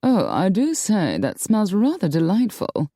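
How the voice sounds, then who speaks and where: A woman voicing a snooty aristocratic lady with a prim, drawn-out, affected delivery. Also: mid-range voice, huge pitch swings, warm tone, dry recording, studio quality.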